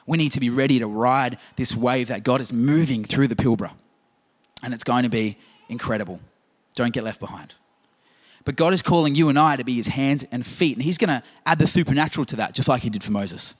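A man's voice: medium pitch, a little fast. A man preaching a sermon in a conversational, emphatic way, full of rhetorical questions. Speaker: pastor.

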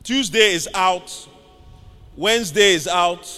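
Man, pastor, sermon, slow delivery, bright voice, long reverb of a large hall. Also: high-pitched, smooth, soft background music. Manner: preaching with call-and-response to the congregation; shouting emphatic lines.

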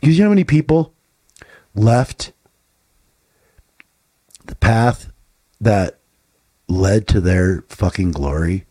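A man's voice: lowish voice, very animated, slow pace, pauses often, dark tone, slightly rough. A man co-hosting a podcast, talking bluntly and swearing often, firing off rhetorical questions in casual talk. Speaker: podcast co-host.

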